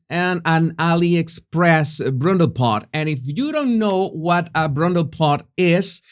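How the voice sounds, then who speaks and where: A man hosting a commentary vlog, animated and chatty, with frequent fillers and restarts. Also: sits high. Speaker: host.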